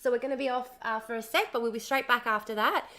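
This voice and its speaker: Bubbly, bright-voiced woman livestreamer. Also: fairly high pitch, fast talker. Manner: chatty, bubbly greetings, swears casually. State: recovering from lost voice, slightly hoarse. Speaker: livestream host. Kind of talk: casual livestream chat.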